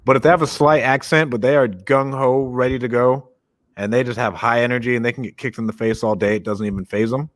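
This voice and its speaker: Energetic man coaching on podcast. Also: mid-range voice, fast. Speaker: podcast co-host. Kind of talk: casual podcast chat.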